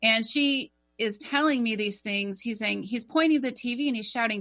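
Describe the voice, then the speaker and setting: A woman's voice: a little high, normal speed. A middle-aged woman co-hosting a radio talk show, telling a personal story in a chatty, rambling way. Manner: animated, chatty, rambling with fillers.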